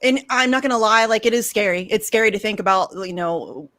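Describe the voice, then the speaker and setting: A young woman appears as a guest in a livestream chat, ranting heatedly and sarcastically and swearing freely. Her voice is medium-pitched, brisk, slightly bright, and has no echo.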